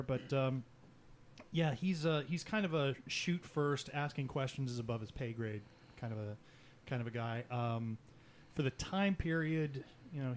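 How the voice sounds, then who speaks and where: Male tabletop player, casual and rambling, slight background hiss. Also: medium pitch. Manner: rambling, many fillers. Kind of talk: casual character introduction.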